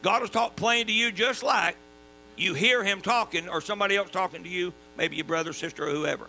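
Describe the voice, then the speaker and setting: A man with a Southern US accent preaching a sermon in a folksy, emphatic way, dropping suddenly to quiet. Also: high voice, a little fast, low-quality recording. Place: church. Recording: mains hum underneath.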